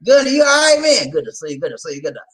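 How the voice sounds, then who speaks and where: A man hosting a livestream, shouting greetings, reading viewer comments aloud and laughing often. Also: high-pitched, sing-song, racing, reverberant. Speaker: livestream host.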